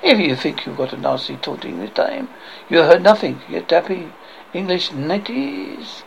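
A haughty French castle guard hurls absurd insults from the walls, read by a man in his own voice. The voice is high and gravelly, and its pitch leaps about. The insults come out read rather than acted. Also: expressive, normal speed, slight background noise, rough recording. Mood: taunting.

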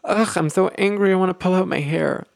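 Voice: mid-range voice, fairly quick, vocal fry, dry recording, pitched above the performer's own voice, close to an everyday voice. A speaker voicing an upset, angry partner who is venting and groaning in exasperation. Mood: exasperated.

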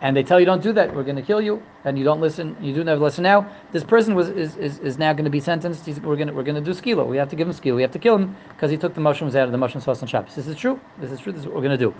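A man's voice: on the high side, rapid-fire, few pauses, a little mellow, a little hiss or hum, poor audio. A man teaching a religious text, humorous and digressive, often repeating and restarting his phrases. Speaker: Torah teacher. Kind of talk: religious lesson.

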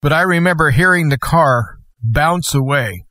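Earnest guy telling his testimony slow and steady, dry close sound. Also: on the high side, no echo. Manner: earnest, slow and measured storytelling. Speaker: guest host. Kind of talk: personal testimony.

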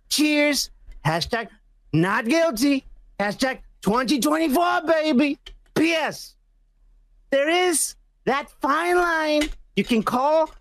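A man reading a viewer comment as a boastful male politician, in a slow deliberate way. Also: extremely high pitch, a bit bright, dry recording, exaggerated voice.

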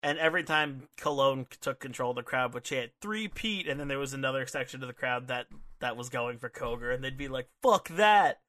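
A man chatting on a podcast with a bright, forceful edge to his voice. He rambles excitedly, stumbles over his words and fills pauses with ums and likes. His voice sits at an ordinary pitch for a man and comes across close to the microphone. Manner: excitable, rambling with many fillers. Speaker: podcast co-host. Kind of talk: casual chat. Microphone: studio microphone.

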